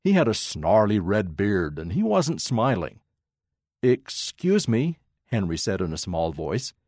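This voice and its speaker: A man narrating a children's story aloud with expressive, dramatic pacing. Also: low voice, normal speed, husky, no echo, clean studio sound.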